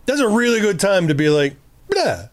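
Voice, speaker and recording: High-pitched and fast, a man co-hosts a relationship podcast full of casual advice. He's blunt, swears freely, and animatedly quotes himself.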